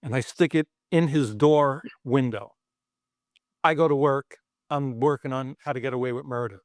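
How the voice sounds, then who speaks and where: A middle-aged man from Brooklyn, guest on a podcast, telling an animated, profane anecdote. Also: mid-range voice, normal speed, dry recording, clean studio sound. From Brooklyn, New York. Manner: animated, profane storyteller acting out quotes. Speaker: guest, special effects artist. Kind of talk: storytelling anecdote in a podcast interview.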